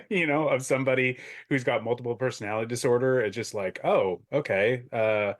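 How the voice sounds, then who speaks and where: A man chatting as a guest on a podcast, rambling and enthusiastic as he tells a story. His voice sits at a plain middle pitch. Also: normal speed. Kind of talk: casual chat.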